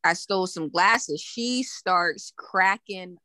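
Woman, casual storyteller, bright and lively, laughs a lot and acts out voices, dry close sound. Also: lowish voice, slow pace, no room sound. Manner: animated, laughs often, acts out quoted voices.

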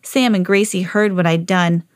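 A woman's voice: on the low side, normal speed, close to an everyday voice. A woman reading a children's storybook aloud as a lovable, eager female pet dog. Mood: earnest. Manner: earnest storybook reading, rising excitedly.

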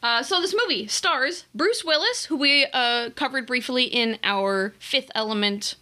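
Young woman cohost talking movies, high bouncy voice, laughs a lot, swears a bit. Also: lively intonation, unhurried, sharp tone. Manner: laughing, chatty, swears casually. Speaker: podcast co-host. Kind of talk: casual movie review chat.

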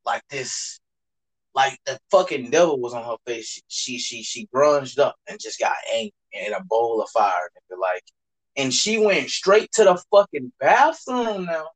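Young male podcast storyteller, lively pitch, slangy and profane, loves to mimic voices. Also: measured pace, rough recording. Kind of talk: casual storytelling chat.

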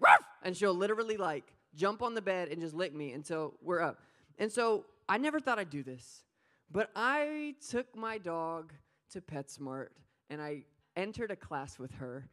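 A woman preaching an energetic sermon, playful and animated, often talking straight to the crowd. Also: mid-range voice. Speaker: pastor.

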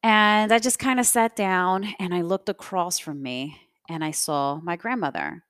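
A woman's voice: fairly low pitch, measured pace, fairly bright tone, smooth, no echo, clean studio sound. A young adult woman hosting a podcast, telling a personal story in a reflective, conversational way with many fillers. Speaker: podcast host.

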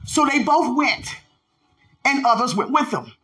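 A woman giving a devotional podcast sermon, retelling a Bible story with animated storytelling and acting out the characters' lines. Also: high voice, measured pace, pauses often, rough recording. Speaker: preacher.

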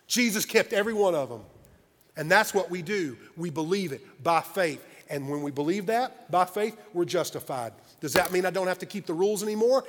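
A man preaching a sermon as pastor, emphatic and conversational, swinging from loud exclamations to quiet, earnest asides. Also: high-pitched, expressive, moderate pace, big-room sound. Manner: conversational, confessional asides to the congregation.

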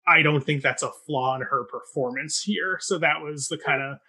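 A man on a podcast giving his view of a stage production in measured, casual talk with stammered restarts. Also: fairly high pitch, sharp tone, breathy edge. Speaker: theatre reviewer. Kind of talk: casual podcast review chat.

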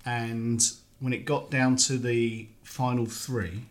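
A British man interviewing a guest in a relaxed, conversational and reflective way. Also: mid-range voice, slow pace. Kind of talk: casual interview chat.

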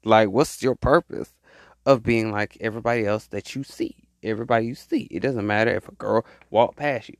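A man giving casual relationship advice to women in an animated, repetitive, rambling way, often mocking. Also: lowish voice, fairly quick, gravelly, no room sound.

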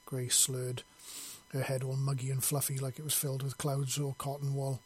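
Husky man reading a story. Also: mid-range voice, monotone, moderate pace. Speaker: narrator.

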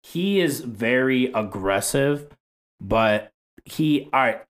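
A man's voice: mid-range voice, animated, slow. A young man guest on a podcast, chatting casually and rambling with many fillers. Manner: rambling, soft-spoken, with frequent fillers. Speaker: guest, content creator.

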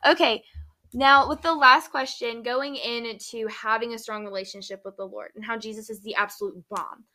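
Young woman, bright high voice, chatty, upbeat podcast host. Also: steady tone, normal speed. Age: young adult. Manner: chatty, heavy use of "like", upbeat. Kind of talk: casual faith chat.

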